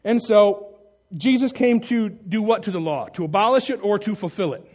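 Male pastor, higher voice, lively sermon delivery that acts out the scenes and swings between loud and hushed. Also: normal speed. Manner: animated, acts out the story in voices, rises loud then drops soft.

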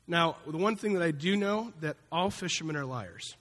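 A man's voice: on the high side, animated, normal speed, fairly bright tone. A man preaching a sermon in a conversational, folksy way, acting out little asides as he goes. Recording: long hall reverb.

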